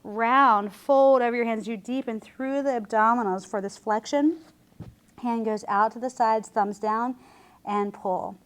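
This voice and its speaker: A woman with a slightly high voice leads a Pilates class. She cues each inhale and exhale calmly while doing the moves herself, sounding a little breathy from the effort. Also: measured pace. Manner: calm, counting breaths while demonstrating. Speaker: Pilates instructor. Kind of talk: guided exercise instruction.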